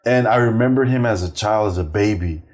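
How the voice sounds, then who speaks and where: A middle-aged male comedian telling profane, animated family stories, acting out the voices of the people in them. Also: on the low side, a little fast. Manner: animated, acts out quoted voices, swears freely. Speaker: stand-up comedian, guest. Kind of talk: profane anecdotal storytelling.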